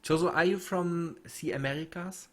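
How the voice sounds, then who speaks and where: A man streaming a game and chatting with viewers, halting and restarting as he reads chat. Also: fairly high pitch. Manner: halting, many restarts and fillers while reading chat. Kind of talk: casual gameplay stream chat.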